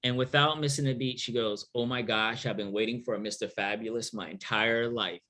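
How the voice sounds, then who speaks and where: Speaking a little fast in a steady, sharp, medium-pitched voice, a middle-aged New York City man tells a casual story during a Q&A. As an author and thru-hiker guest, he jokes and mimics the people he quotes.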